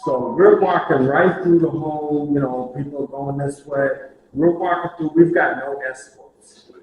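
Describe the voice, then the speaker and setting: A man telling lively stories about prison ministry to a group, acting out the voices of the people in them. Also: on the high side, a little slow, lo-fi sound. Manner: animated, acts out dialogue, laughs at own stories. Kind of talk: storytelling talk to a group. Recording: very echoey room with faint hiss.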